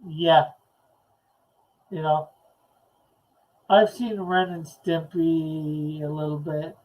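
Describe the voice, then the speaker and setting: A man's voice: on the high side, fairly even intonation, slow, pauses often, muffled recording. A man hosting a late-night live stream chat, reading comments aloud in a laid-back, chuckling way. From Canada. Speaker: host.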